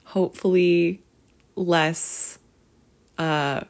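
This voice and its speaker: A woman's voice: fairly low pitch, steady tone, extremely slow. A woman hosting a solo podcast, rambling and self-deprecating, with lots of fillers. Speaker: podcast host. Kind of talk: casual solo podcast chat.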